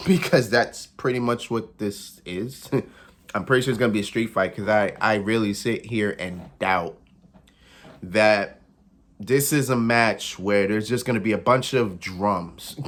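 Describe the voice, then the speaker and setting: Male vlogger, casual prediction chat, loose, repetitive, quick to laugh. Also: lowish voice, fairly bright tone. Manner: chatty, repeats phrases, laughs often. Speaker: wrestling pundit.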